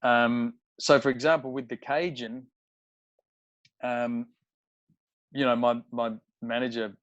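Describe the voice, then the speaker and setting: A man's voice: medium pitch, level tone, fairly bright tone, no echo. Aussie-born actor guy chatting, lots of ums, kinda dull lo-fi sound, dry. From Australia. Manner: thoughtful, halting with many fillers. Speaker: actor, interview guest. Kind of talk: casual interview conversation.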